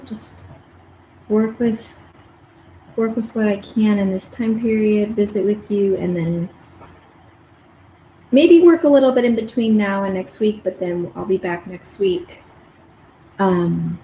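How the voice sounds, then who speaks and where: A woman's voice: mid-range voice, slow, long pauses, warm tone. Woman art teacher, chatty and rambling, live painting stream, roomy room with faint hum. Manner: chatty, rambling, with many restarts. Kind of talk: casual live-stream chat while painting. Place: home art studio.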